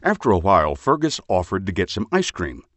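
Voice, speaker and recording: A man reading a children's picture book aloud for a library phone story line, with expressive, lively storytelling. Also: low voice, brisk, dry recording. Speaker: storybook reader.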